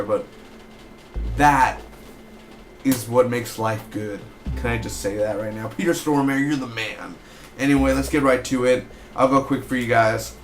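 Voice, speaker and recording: Excitable man rambling through a review. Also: medium pitch. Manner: excitable, rambling, quick recaps with fillers. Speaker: TV episode reviewer. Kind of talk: casual spoken review.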